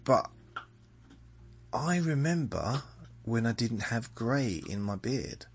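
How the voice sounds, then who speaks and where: A man in his seventies hosting a podcast, rambling in a meandering, self-mocking way, with drawn-out phrases. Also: mid-range voice, lively intonation, faint music behind. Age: 70s. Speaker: podcast host. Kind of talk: rambling bedtime monologue.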